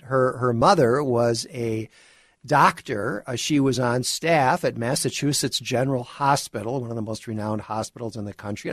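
A man holds forth on talk radio in a wry, chuckling monologue, often circling back and restarting his phrases. His voice sits at an ordinary middle pitch. He speaks close to the microphone in a dry, dead studio. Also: dry recording. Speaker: radio guest host.

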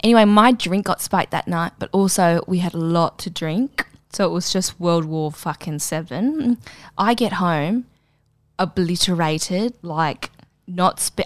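A woman's voice: lowish voice, a little slow, no room sound. A young woman co-hosting a podcast, telling crude stories in casual chat with lots of laughter. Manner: lively, crude, laughing storyteller. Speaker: podcast co-host.

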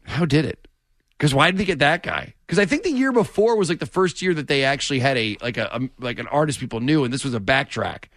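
A man hosting a casual talk show, chatting about sports and news in an excitable way, often laughing and cutting in. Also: medium pitch, quick pace, no echo, clean studio sound.

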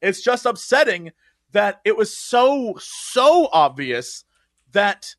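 Lively high-voiced man, animated podcast chat. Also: slow, no room sound. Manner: animated, acts out quotes in mocking voices. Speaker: podcast co-host. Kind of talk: casual chat.

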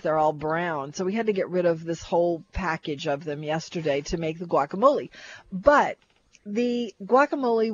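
An older woman talks food in a loose, rambling way, restarting her sentences and circling back as she goes. The recording sounds dull and lo-fi. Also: mid-range voice. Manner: chatty, rambling, restarts often. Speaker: co-host. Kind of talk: casual chat about food.

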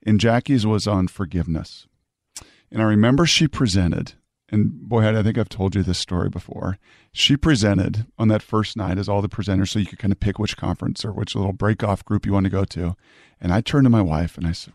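A middle-aged man hosts an interview, carrying his stories with animated emphasis. His voice sits a little low with a gravelly, creaky edge. It is recorded close and dry, with no room sound. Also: brisk, no echo. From Puyallup, Washington, USA. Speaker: host. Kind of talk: conversational storytelling interview.

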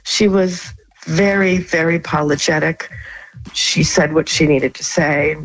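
A woman calling in to a radio show, speaking haltingly and with feeling, often restarting her sentences. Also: low-pitched, steady tone, low-quality recording. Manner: halting, emotional, with many restarts. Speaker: caller. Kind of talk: phone-in call on a radio show.

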